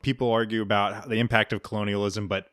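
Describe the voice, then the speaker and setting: A man with a low voice co-hosting a casual history podcast, heard up close on a dry, deadened mic. He rambles through his points with frequent chuckles and restarts. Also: little pitch movement, fast, fairly bright tone, no room sound. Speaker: podcast co-host.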